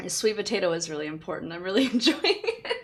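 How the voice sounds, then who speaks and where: A woman's voice: mid-range voice, very animated, quick pace. A woman streamer reading a light novel aloud and chatting with her viewers, laughing often.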